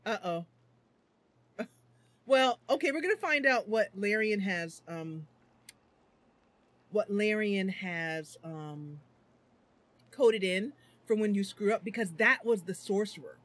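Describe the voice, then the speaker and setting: A woman hosting a livestream, talking in an excitable, giggly, expressive way as she plays a fantasy game at home. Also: medium pitch, slow pace, long pauses, no echo. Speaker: streamer and host. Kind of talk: livestream gameplay commentary.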